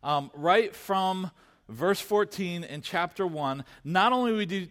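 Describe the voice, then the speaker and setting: A man preaching a sermon to a congregation, emphatic, repeating key phrases and slowing down to stress words. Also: high voice, big-room sound. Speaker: pastor.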